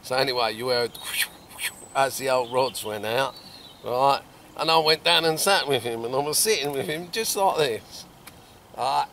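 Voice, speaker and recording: A middle-aged man, a carp angler, telling a fishing story outdoors by a lake in a lively, animated way with loud bursts. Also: mid-range voice, normal speed, gravelly, slight background noise. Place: outdoors at a lakeside swim.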